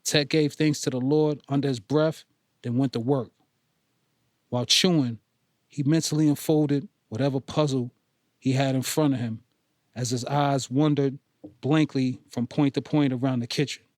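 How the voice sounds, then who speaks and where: A man reading a novel aloud as an audiobook narrator in a steady storytelling manner. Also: mid-range voice, moderate pace, no room sound, clean studio sound. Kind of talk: scripted narration.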